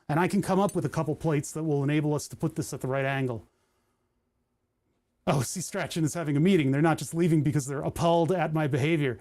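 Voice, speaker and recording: A man's voice: fairly high pitch, a little mellow. Man rambling through a workshop project. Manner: rambling, thinking aloud with joking asides. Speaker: hobbyist maker. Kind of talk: casual workshop chat. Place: home workshop.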